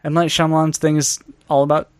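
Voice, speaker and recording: Male podcast co-host, slightly high voice, dry close mic, jokey and animated. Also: quick pace, dry recording. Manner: jokey, laughs often, animated. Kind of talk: casual chat.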